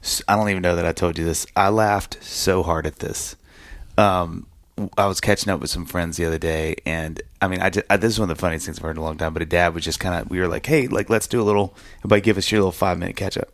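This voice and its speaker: A man co-hosting a podcast in casual chat, telling animated stories and acting out quotes. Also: sits low, quick pace, no echo. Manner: animated storyteller, acts out quotes. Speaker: podcast co-host.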